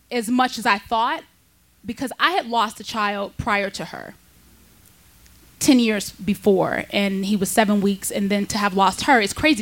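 A woman in her thirties, a stand-up comedian, telling a personal story in a candid, animated way, with laughs between lines. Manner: candid, animated, jumps high in pitch for quoted voices, laughs between lines.

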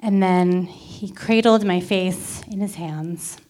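A woman from Miami in her thirties telling a candid personal story to a live audience, with wry, deadpan comic timing. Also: on the low side, slow. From Miami, Florida.

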